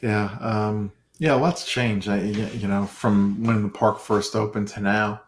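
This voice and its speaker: Man, low voice, enthusiastic fan chat, roomy echo. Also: steady tone, a little slow. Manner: enthusiastic, gushing. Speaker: podcast co-host. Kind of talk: casual chat.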